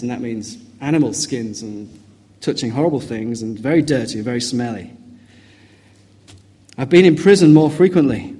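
A man's voice: medium pitch, dark tone. A man preaching an expository sermon, reading scripture aloud with emphatic rising questions.

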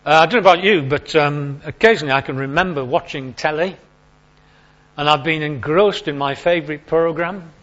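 A man's voice: fairly high pitch, fairly quick, a bit bright. A man giving an informal, chatty sermon, repeating key phrases for emphasis. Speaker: preacher. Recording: lo-fi recording.

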